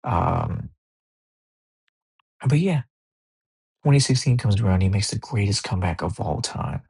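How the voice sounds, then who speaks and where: A young man hosting a casual podcast, telling sports stories in a loose, profane, animated way. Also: fairly low pitch, measured pace, vocal fry, slightly rough. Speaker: podcast host. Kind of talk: casual monologue.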